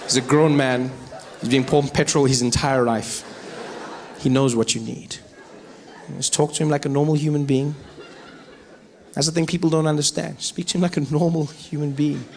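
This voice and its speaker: High-voiced South African man doing stand-up. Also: normal speed, slight background noise. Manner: lively, playful. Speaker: stand-up comedian. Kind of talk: stand-up storytelling.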